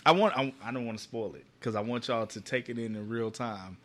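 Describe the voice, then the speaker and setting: A man hosting a podcast in casual chat, talking with animated enthusiasm and slang. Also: on the low side, a little fast. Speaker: podcast host.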